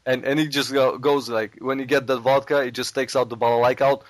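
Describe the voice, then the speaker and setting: A man's voice: mid-range voice, little pitch movement, brisk, no echo. A man hosting a casual comedy podcast, laughing often and stumbling over restarts as he riffs and puts on silly voices. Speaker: podcast host.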